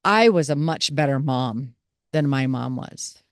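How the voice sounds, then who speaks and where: A woman's voice: extremely low pitch, lively intonation, a little slow, no echo, clean studio sound, voice pushed down, heavily acted. A woman quoting her critical elderly mother. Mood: grumbling.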